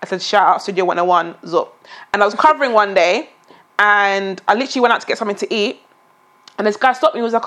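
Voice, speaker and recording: A woman telling a story in casual chat, acting out the quoted dialogue in an animated way. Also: mid-range voice, fast.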